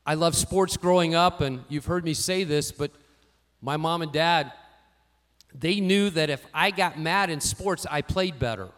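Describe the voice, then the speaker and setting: A man preaching a sermon, telling personal stories and swinging from quiet asides to louder emphatic lines. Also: fairly high pitch, unhurried. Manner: storytelling, varies loudness widely, rising for emphasis. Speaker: pastor.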